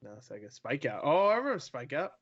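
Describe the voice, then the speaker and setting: A man's voice: on the high side, big pitch swings, fast, a bit bright, breathy edge, dull audio. A man co-hosting a casual gaming podcast, loose, joking and swearing as he plays a trivia quiz. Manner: loose, profane, jokey. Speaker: podcast co-host.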